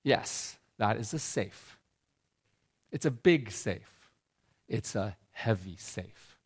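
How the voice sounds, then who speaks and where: Middle-aged guy preaching, telling a personal story, slightly low voice, gets soft and quiet. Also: expressive, takes it slowly, husky. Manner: heartfelt storytelling, voice drops low and soft when moved. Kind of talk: sermon testimony.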